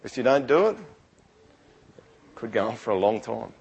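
A man's voice: mid-range voice, sing-song, unhurried, vocal fry, a little mellow, breathy edge, dull audio. A middle-aged man preaching a sermon in a conversational, earnest way, often restarting his sentences. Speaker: pastor.

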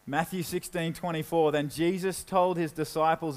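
A man's voice: fairly even intonation, normal speed, hardly any pauses, rough recording. Casual man preaching a sermon. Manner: casual, conversational with frequent "like"; drops low and quiet when reading scripture. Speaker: pastor.

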